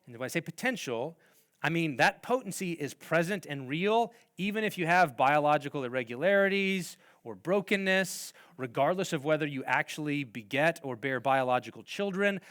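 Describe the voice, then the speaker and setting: A man's voice: a little high, expressive, normal speed. A middle-aged man speaking to a conference of pastors, teaching in a conversational way, asking the audience questions and often dropping his voice at the ends of phrases. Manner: wide swings in loudness, trailing off quietly at phrase ends. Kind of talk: lecture-style talk to pastors.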